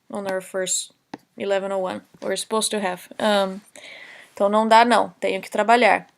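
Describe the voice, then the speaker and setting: A young adult woman teaching Portuguese in a recorded lesson, explaining examples slowly in English and Portuguese with many fillers. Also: mid-range voice. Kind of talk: recorded online lesson lecture.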